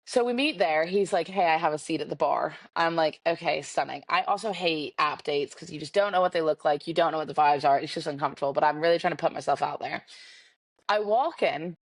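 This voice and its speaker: Speaking fairly quickly in a deep voice, this twentysomething woman shares a dating story as a podcast co-host, performing the quoted lines with lively, chatty energy. It's casual storytelling captured over a video call, with no room sound.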